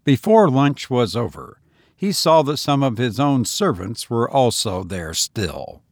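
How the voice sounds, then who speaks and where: A man narrating a story in an even, measured reading voice. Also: mid-range voice, no room sound, studio quality. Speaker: audiobook narrator. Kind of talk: scripted narration.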